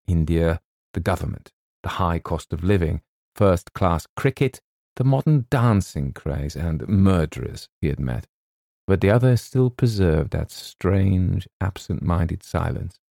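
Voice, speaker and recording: A man reading a comic short story aloud as an audiobook narrator, in a measured storytelling manner. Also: low voice, gravelly, warm tone, no room sound, studio quality. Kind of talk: scripted narration.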